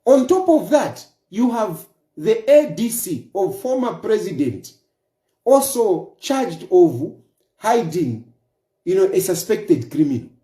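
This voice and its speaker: A man's voice: high voice, very animated, slow, dark tone. Emphatic Zambian man in a roomy space. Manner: emphatic, repeats points with rhetorical questions. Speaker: political commentator. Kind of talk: opinion monologue.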